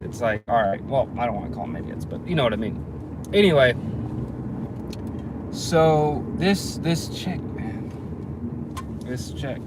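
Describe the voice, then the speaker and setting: A man's voice: mid-range voice, lively intonation, measured pace, long pauses, noisy background. A man telling an exasperated story about a difficult client in a casual vlog rant, swearing casually and restarting his sentences often. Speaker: handyman vlogger.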